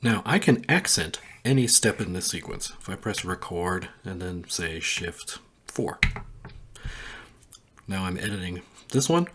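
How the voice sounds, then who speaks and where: Male tutorial host, deep and slightly husky, casual step-by-step explaining, animated intonation. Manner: relaxed, explains step by step while pressing buttons.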